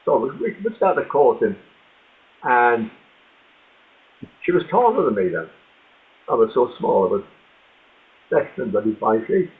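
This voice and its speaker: A man's voice: medium pitch, sing-song, a little slow, pauses often. An older Irish man, a guest author, telling rambling anecdotes and acting out the people in them. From Ireland. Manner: rambling anecdotal storyteller, acts out voices. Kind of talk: storytelling interview. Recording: tinny phone-like line.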